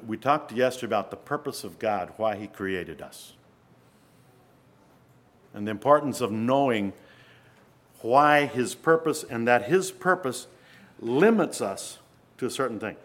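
A man's voice: medium pitch, lively intonation, unhurried, pauses often. A man preaching a sermon in an earnest way, often asking his listeners rhetorical questions.

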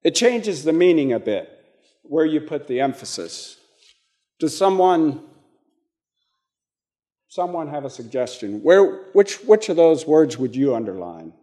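A man delivers an interactive sermon slowly, his voice mellow and warm. His pitch swings widely as he pauses, repeats words and poses questions to the congregation.

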